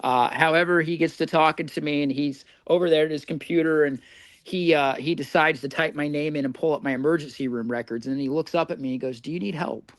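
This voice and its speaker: A slightly high voice with fairly even intonation belongs to a fast talker, captured in a dry recording. The man, in his forties and from Indiana, appears as a podcast guest, casually spinning stories and laughing through his own tales.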